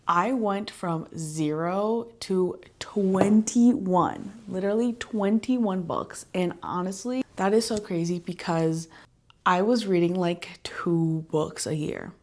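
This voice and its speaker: A young woman talking casually and playfully to her viewers as a book vlogger, with bursts of enthusiasm. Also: lowish voice. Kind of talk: casual chat.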